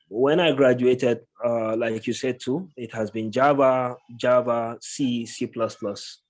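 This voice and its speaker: Man answering with frequent filler pauses. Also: medium pitch, darkish tone. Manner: thoughtful, many filler pauses. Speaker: guest, tech professional. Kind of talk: casual interview answers.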